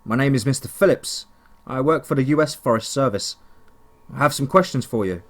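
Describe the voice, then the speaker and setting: A man voicing an older male forest service official who speaks with a Texan twang in a calm, questioning way. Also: mid-range voice, a little fast, lightly acted. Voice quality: country twang.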